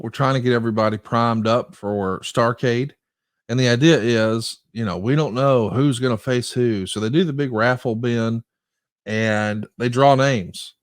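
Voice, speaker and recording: A man's voice: medium pitch, no echo, clean studio sound. Man recapping matches on a podcast. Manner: lively, recapping in a storytelling way. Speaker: podcast co-host. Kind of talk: casual podcast chat.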